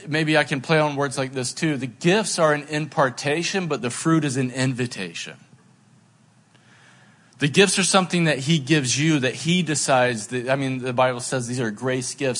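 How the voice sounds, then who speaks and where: A man's voice: medium pitch, a bit bright. A middle-aged man preaching a sermon in a conversational, self-deprecating way, with asides to the congregation. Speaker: pastor.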